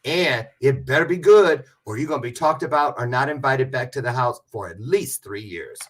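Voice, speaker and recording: Lively chatty man hosting a livestream. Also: mid-range voice, moderate pace, very noisy. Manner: chatty, joking, rambling with self-aware asides. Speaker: livestream host. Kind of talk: casual livestream chat with viewers.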